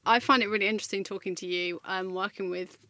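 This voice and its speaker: A woman, a teacher hosting a discussion, asking measured, thoughtful questions. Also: medium pitch, fairly even intonation, bright, forceful tone, no room sound. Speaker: podcast host and teacher. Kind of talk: casual discussion.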